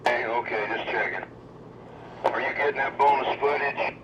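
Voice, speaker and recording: A man's voice: medium pitch, normal speed. A man running a CB radio station, chatting casually in a drawling way full of radio lingo. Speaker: CB radio operator at the receiving station. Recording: distant lo-fi CB radio with loud static.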